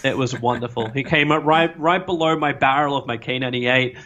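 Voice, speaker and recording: A man's voice: medium pitch, fairly quick, sharp tone. A man from Australia, an esports caster chatting as an interview guest, telling rambling, self-mocking stories. He is talking over a remote call from his home. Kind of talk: casual interview chat. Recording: dull lo-fi call audio.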